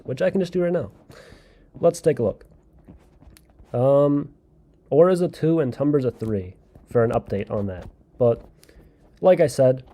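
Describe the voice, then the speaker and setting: A man's voice: medium pitch, warm tone. A man hosting a casual solo podcast, rambling through his opinions and often repeating and correcting himself. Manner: thinks aloud and hedges his takes. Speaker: podcast host reviewing a game league draft.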